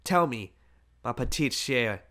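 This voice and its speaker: A man's voice: mid-range voice, lively intonation, slow pace, pushed and bright. A man reading aloud voices a scornful, rude young man in a sneering, raised voice. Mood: coaxing.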